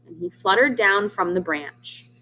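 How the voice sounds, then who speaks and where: A woman's voice: mid-range voice, expressive, unhurried. Woman reading a storybook aloud to children. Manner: warm, explains words to children, asks them questions. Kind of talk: children's read-aloud lesson.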